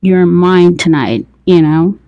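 A woman voicing a confident, dominant British man in a whispered role-play, speaking in a soft, low, teasing way. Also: expressive, takes it slowly, dry recording, dull audio. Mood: commanding, teasing.

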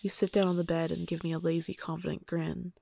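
A young woman narrating an intimate first-person story in a soft, hushed voice that often slips into a whisper, then chatting casually with many fillers. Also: fairly low pitch, little pitch movement, vocal fry, slight background noise. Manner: chatty and halting with fillers when speaking off-script.

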